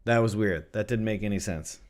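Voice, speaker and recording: A man hosts a live trading stream, casually analyzing the market, thinking aloud and often repeating his phrases. His voice is fairly low, a little fast and slightly mellow.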